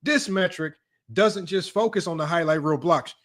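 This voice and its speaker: A man's voice: sits high, moderate pace, a bit bright. A man hosting a sports debate show, reading statistics aloud and taunting his critics in a combative, mocking way. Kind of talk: reading stats and ranting to viewers.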